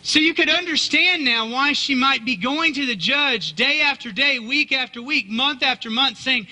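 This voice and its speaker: A man's voice: extremely high pitch, moderate pace, hardly any pauses, pushed and bright, low-quality recording. A male pastor preaching a sermon in a conversational, joking storytelling manner.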